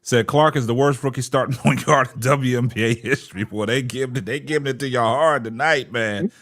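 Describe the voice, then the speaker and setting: A man's voice: mid-range voice, a little fast, a bit bright, faint music behind. Man, stream host, casual sports chat, laughs a lot, keeps saying "hold on". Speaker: livestream host reading super chats.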